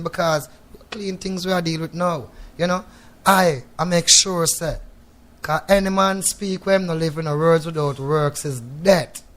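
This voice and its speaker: A Jamaican man talks in thick patois in a radio studio, sounding reflective and a little preachy. His voice sits somewhat high for a man. He keeps pulling the listener in with "you know what I mean". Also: fairly bright tone. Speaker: guest reggae artist.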